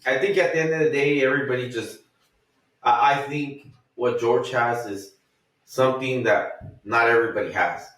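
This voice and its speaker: A man's voice: mid-range voice, moderate pace, fairly bright tone. A man chats loosely on a podcast, swearing freely and acting out what others said. He sits back from the mic, so his voice comes through distant. The room around him is very echoey. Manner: swearing, storytelling with acted quotes. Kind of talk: casual chat.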